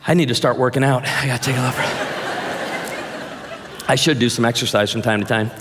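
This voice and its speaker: A man in his forties preaching a sermon as a pastor, telling stories in a lively, joking way. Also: mid-range voice, fairly quick, long reverb tail, very noisy. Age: 40s.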